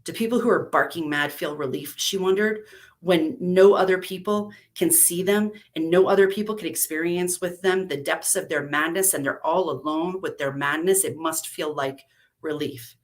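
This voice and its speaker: A woman storyteller reading a dark story aloud in an expressive, measured way. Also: fairly low pitch.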